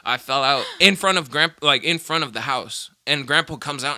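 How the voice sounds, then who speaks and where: A man's voice: medium pitch, normal speed, bright, forceful tone, dry recording, studio quality. A young man hosting a casual podcast, telling loose, profane stories packed with "like" and "fucking". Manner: rambling, profane storytelling full of "like". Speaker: podcast host; machinist. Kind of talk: casual chat.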